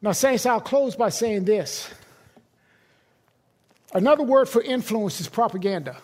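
A man's voice: high voice, lively intonation, measured pace, a little mellow. A middle-aged man, a pastor, preaching a sermon in a conversational, emphatic way with personal stories.

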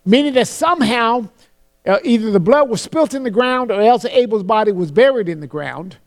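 A man preaching a sermon, earnest, slowing down to quote scripture solemnly and often repeating words as he starts a phrase. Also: extremely high pitch, animated.

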